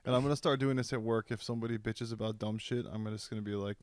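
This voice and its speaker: A man's voice: fairly low pitch, fast, clean tone, no echo. A man telling joking stories in a casual podcast chat. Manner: joking, deadpan storytelling. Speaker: podcast host.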